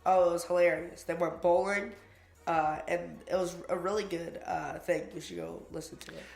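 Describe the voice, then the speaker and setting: Young man, hoarse and gravelly, relaxed podcast co-host, echoey room. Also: high voice, moderate pace, faint music behind. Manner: laid-back, laughs easily. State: hoarse, voice nearly gone. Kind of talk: casual chat.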